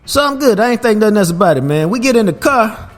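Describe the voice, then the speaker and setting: A man, hosting a podcast and telling a family story in a relaxed, casual way, laughing as he goes. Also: high voice, fast, soft background music. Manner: laid-back, laughs while telling stories. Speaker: podcast host.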